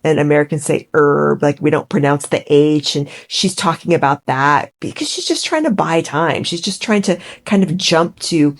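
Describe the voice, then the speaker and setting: A woman vlogger giving opinionated commentary in a sarcastic, exasperated, animated way. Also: low-pitched.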